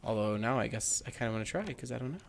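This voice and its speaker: A man's voice: medium pitch, rapid-fire, gravelly, a little hiss or hum. A man playing a mystery video game and thinking aloud, unsure and musing as he goes. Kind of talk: let's play commentary.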